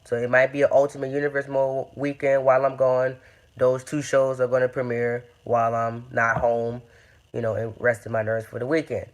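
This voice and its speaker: A man's voice: medium pitch, little pitch movement, normal speed. A young man giving a rambling casual update on his video series, full of fillers and restarts. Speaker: YouTube game-series creator.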